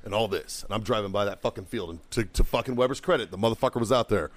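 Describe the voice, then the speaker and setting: A middle-aged man and former Marine telling a heated, heavily profane story on a podcast, now and then yelling as he acts out what was said. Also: on the low side, fast. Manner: bursts into loud yelling while acting out quotes. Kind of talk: casual chat, storytelling.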